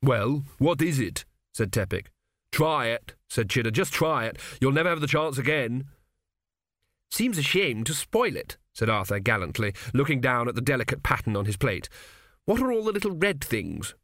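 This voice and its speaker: A man reading a comic fantasy novel aloud as an audiobook, with measured storytelling and light voices for the characters. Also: mid-range voice, sing-song, a bit bright, no echo, studio quality. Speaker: audiobook narrator. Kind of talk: scripted audiobook narration.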